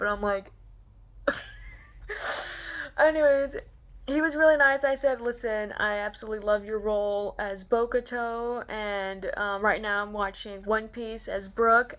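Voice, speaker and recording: Bright-voiced, gushing young woman vlogger. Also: a little high, normal speed. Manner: gushing, excitable, lots of "like" fillers. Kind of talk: casual storytelling to camera.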